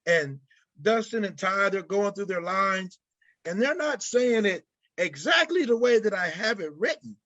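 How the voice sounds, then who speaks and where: A man with a high voice tells an animated, self-mocking story in an interview. The sound is dry and a little dull, as if heard through a muffled mic. He keeps his listeners in on the joke. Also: a little slow, no room sound. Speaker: creator of the film, youth football coach.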